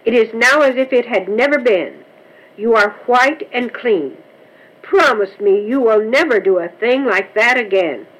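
A woman's voice: fairly high pitch, expressive, a little slow, fairly bright tone, low-quality recording. A woman voicing a stern, solemn village pastor scolding his daughter.

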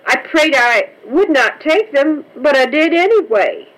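A woman's voice: sits high, lively intonation, measured pace, fairly bright tone, pitched above the performer's own voice, low-quality recording. A woman voicing a tearful little girl under ten who pleads with her father. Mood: pleading. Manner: pleading, sobbing.

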